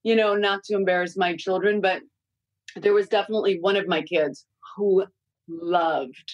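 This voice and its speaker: A woman's voice: medium pitch, fairly even intonation, normal speed, no room sound, muffled recording. A woman, a mother of young kids, chatting candidly as a podcast guest, with frequent fillers and casual swearing.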